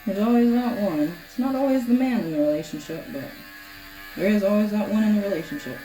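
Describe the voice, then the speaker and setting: A woman's voice: medium pitch, a little fast, warm tone. Chatty woman grooming her dogs, echoey room. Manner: chatty, teasing, talks to the dog and viewers in turn. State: sweaty from the effort. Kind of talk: casual chat while working. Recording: echoey room with faint clipper hum.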